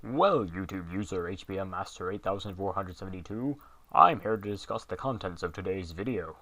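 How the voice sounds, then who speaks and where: A man putting on a deep, booming fake president. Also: animated, fairly quick, full character voice. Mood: pompous. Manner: pompous, declaiming loudly. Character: impostor posing as a famous male US president, pompous.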